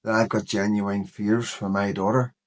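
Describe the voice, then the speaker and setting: A man's voice: on the low side, flat delivery, normal speed. A man in his fifties talking straight to camera in a personal commentary vlog, earnest and worried, often saying "you know". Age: 50s. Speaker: vlogger.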